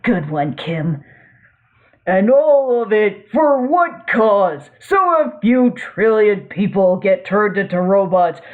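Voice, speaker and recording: A woman's voice: medium pitch, very animated, takes it slowly. A woman voicing a vain, cowardly male space captain who talks in a pompous, self-pitying, theatrical way. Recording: tinny phone-like audio.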